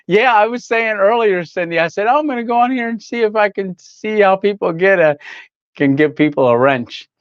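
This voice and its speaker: A man's voice: high-pitched, expressive, normal speed, clear, resonant tone, dry recording, muffled recording. An older man hosting a casual livestream, rambling through stories, reading chat aloud and laughing often. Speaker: livestream host.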